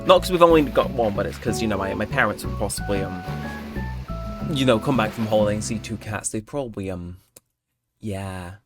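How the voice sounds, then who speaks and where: A young man casually commenting on his gameplay, chatty and joking, now and then jumping into high-pitched exclamations. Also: brisk. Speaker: gaming channel host. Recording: game music playing behind. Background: game music.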